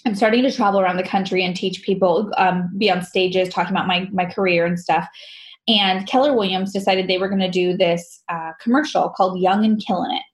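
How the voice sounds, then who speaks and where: A woman's voice: on the low side, a little fast. A woman guest telling her personal story candidly, laughing often and acting out the dialogue. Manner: animated, laughs often, acts out quoted dialogue.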